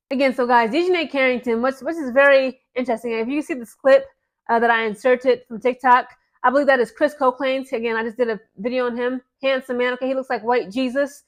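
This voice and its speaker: Lady doing a chatty vlog rant, keeps checking in w/ the audience, voice on the higher side. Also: fairly even intonation, fast. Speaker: channel host. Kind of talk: casual commentary vlog.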